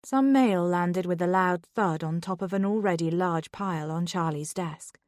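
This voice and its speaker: A woman reading a thriller audiobook in a calm, measured narration. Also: fairly low pitch, no room sound, clean studio sound.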